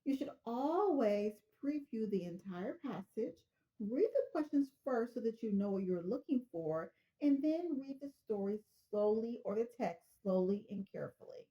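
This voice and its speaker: A woman's voice: fairly high pitch, animated, warm tone, lo-fi sound, close to an everyday voice. Woman doing a patient, assured phone expert. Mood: reassuring. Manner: slow, patient, reassuring, deliberate. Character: confident, seasoned phone expert who reassures callers.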